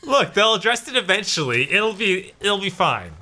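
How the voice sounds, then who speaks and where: Hesitant man with a bright, slightly high voice. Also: sing-song, moderate pace. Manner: hesitant, defends the show, restarts sentences. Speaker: podcast co-host. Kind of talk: casual podcast banter.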